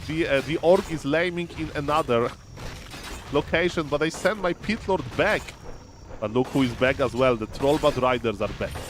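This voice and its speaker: Animated man commentating his own game. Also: on the high side, normal speed, noisy background. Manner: animated, often says "ladies and gentlemen", thinks aloud with fillers. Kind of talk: live gameplay commentary.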